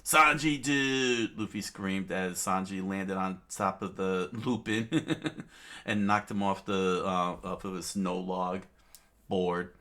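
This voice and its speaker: A man casually reading a comic aloud, halting with many fillers and restarts and chuckling now and then. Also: sits low, flat delivery, fairly bright tone. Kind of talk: casual read-aloud narration.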